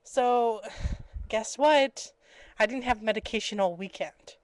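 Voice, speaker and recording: Recorded dry and in low quality on a built-in webcam mic, a young woman rambles casually in a home vlog. She's chatty and giggly, skipping from story to story, speaking slowly in a fairly high voice.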